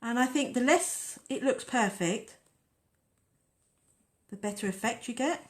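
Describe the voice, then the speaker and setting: A woman's voice: on the high side, animated, a little slow. Chatty woman teaching nail art. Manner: chatty, rambling, talks while working. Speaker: nail artist hosting a tutorial. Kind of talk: casual live nail-art tutorial.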